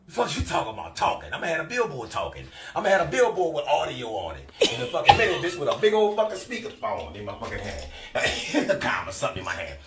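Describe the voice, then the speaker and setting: A man rants on a live stream, loud and profane, hammering the same phrases over and over. His voice sits high and leaps wildly up and down. The room around him rings with echo. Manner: loud, profane, repetitive scolding. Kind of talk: heated live-stream rant.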